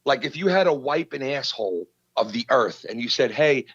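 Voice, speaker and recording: A man, hosting a podcast and retelling a feud in a heated, profane, animated way. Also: mid-range voice, brisk, breathy edge, dry recording, muffled recording. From New York. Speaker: podcast host. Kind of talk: casual podcast storytelling.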